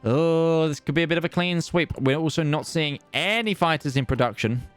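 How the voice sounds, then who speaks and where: Chatty excitable male esports caster. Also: a little high, fairly quick, clear, resonant tone, soft background music. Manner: chatty, excitable, many fillers and restarts. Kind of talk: live game commentary.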